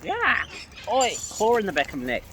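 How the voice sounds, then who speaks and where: A woman's voice: mid-range voice, huge pitch swings, moderate pace, very noisy. A woman talking playfully to wild birds outdoors while feeding them, cooing and scolding them in baby talk. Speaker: bird feeder filming wild birds.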